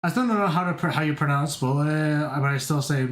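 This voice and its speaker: A man's voice: fairly high pitch, a little fast, echoey room. A man chatting casually while drawing on a livestream, rambling, swearing a lot and laughing often. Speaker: art streamer.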